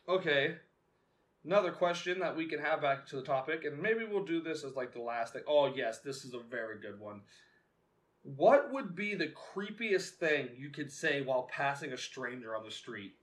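A man's voice: mid-range voice, expressive, moderate pace. A man in his twenties co-hosting a podcast, telling rambling stories in casual chat, laughing often and swearing freely. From Northern California. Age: 20s. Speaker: podcast co-host.

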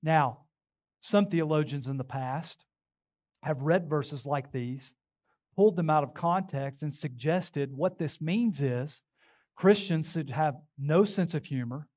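Emphatic pastor with a higher voice. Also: male voice, a little slow, a little mellow. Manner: emphatic preaching with congregation call-and-response. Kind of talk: sermon.

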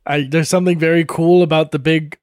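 A man's voice: fairly high pitch, little pitch movement, fairly quick, dry recording. Dry-humored man playing a tabletop game. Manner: dry, joking. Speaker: player. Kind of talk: tabletop role-play chat.

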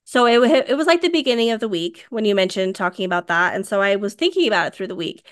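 A woman in her thirties co-hosting a podcast, telling a story in a casual, animated way. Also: mid-range voice, quick pace. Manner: animated storytelling, acts out quoted dialogue. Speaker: podcast co-host.

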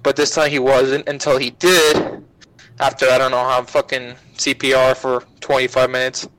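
A man's voice: mid-range voice, normal speed, dry recording, low-quality recording. Foul-mouthed man rambling through a recap. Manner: profane, rambling, animated storytelling. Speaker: podcast guest. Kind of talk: casual anime recap chat.

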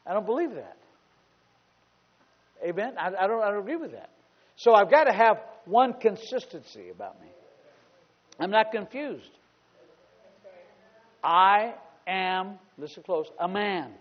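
A man preaching a sermon as pastor, emphatic and repetitive, building up to loud exclamations. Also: high-pitched, animated, a little slow, pauses often, big-room sound, highs cut off.

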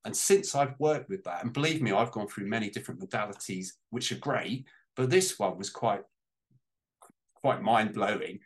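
A man talks at length to a small group, his words tumbling out in long, winding sentences. He sounds deeply moved and close to tears at times, with the open, emotional tone of a personal testimony. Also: normal speed. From United Kingdom. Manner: heartfelt, close to tears, rambling. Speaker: guest on a panel.

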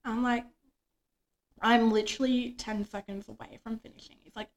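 Her pitch sits fairly high, and she keeps an even intonation at a moderate speed. This young podcast co-host is in casual chat mode, spinning chatty stories and performing quoted dialogue from her job.

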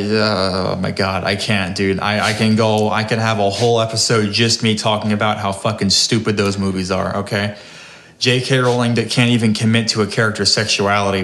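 A man's voice: on the low side, a bit bright. A man hosting a podcast, ranting in a profane, exasperated way during casual chat. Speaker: podcast host. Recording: roomy echo.

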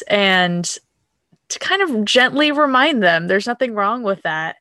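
Woman podcast host, mid pitch, dry close sound, super affirming. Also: slow, bright, forceful tone, dry recording. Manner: enthusiastic and affirming, with many fillers. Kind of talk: supportive interview talk.

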